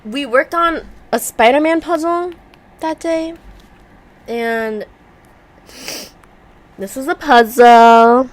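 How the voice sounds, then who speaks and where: A woman's voice: high-pitched, slow, pauses often. A woman vlogging at home, chatting casually while she works on a puzzle, rambling through stories with a congested voice. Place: room at home by a heater.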